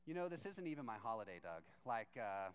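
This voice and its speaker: A preacher voicing a friendly grown male neighbor in a lower, dry teasing tone while telling a story. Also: big pitch swings, brisk, a little hiss or hum.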